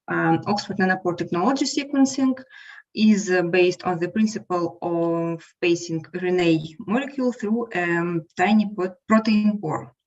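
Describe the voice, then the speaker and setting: Woman lecturer, lowish voice, steady reading with fillers, dull lo-fi call sound. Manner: reads steadily with small fillers and restarts. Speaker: instructor and invited speaker. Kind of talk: prepared lecture. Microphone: remote call without camera. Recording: muffled lo-fi call audio.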